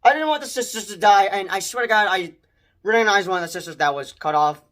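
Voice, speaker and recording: A young man giving a casual spoiler movie review, rambling and excitable, with many restarts and mild swearing. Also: sits high, fast talker.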